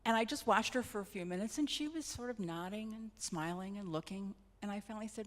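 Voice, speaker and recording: A middle-aged woman tells personal stories in a gentle, reflective way, pausing and restarting as she goes. She is a hospice nurse with a voice of middle pitch. Her voice carries a long reverb, as if heard in a church hall. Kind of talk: personal storytelling talk.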